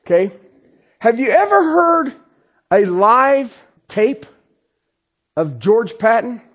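A man's voice: extremely high pitch, very animated, slow pace, fairly bright tone, husky. A man preaching a sermon who keeps asking rhetorical questions and checking in with the congregation with "okay?", telling stories with animation. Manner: peppers his points with rhetorical questions and "okay?".

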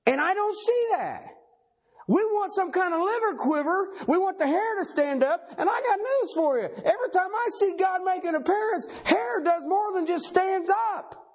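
A man's voice: very high voice, sing-song, moderate pace. A man preaching a sermon, emphatic and folksy, repeating key phrases for effect.

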